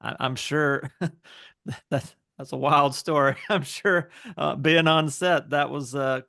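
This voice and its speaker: A man's gravelly, slightly raised voice asks relaxed follow-up questions as podcast host. He chuckles briefly between remarks and keeps the exchange casual. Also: fairly high pitch, slow. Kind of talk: casual interview chat.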